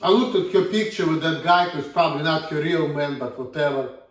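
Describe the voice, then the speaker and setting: Speaking briskly in a slightly high voice, this man in his thirties vlogs a casual, blunt rant laced with plenty of profanity. He has a Russian accent, and the audio is distant and echoey, as if captured across a room.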